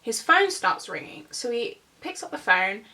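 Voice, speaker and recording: A young woman in her twenties tells a long, rambling story at home while she does her makeup, trailing off into fillers and side comments. Her voice sits a bit high and is picked up from a little way off the mic. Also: very animated, normal speed, bright, forceful tone, distant mic. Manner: rambling, full of fillers and asides. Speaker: vlogger.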